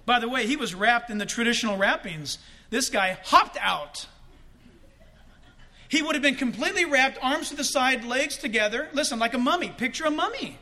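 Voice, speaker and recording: High, bright-voiced animated male preacher. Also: normal speed. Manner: animated, shouts for emphasis, jokes and laughs. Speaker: pastor. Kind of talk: sermon.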